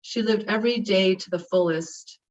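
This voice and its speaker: A middle-aged woman gives a heartfelt eulogy at a memorial service, telling fond stories about a friend. She sounds set back from a dull, muffled microphone. Her voice sits at an ordinary pitch for a woman. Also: normal speed. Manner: heartfelt, reminiscing, animated when retelling stories. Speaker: eulogy speaker. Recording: distant, muffled mic.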